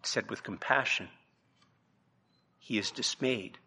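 A man preaching a sermon from his notes, emphatic, dropping to a hush and then rising to loud, pressing points. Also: mid-range voice, measured pace. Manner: emphatic, swings from hushed to loud.

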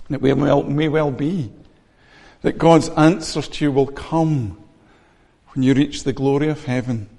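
A man delivers a sermon in a slightly high voice, earnest and measured, often doubling back on his words. His voice rings out with a long reverb in a church hall. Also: darkish tone. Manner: earnest, measured preaching with frequent repeated words. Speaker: pastor.

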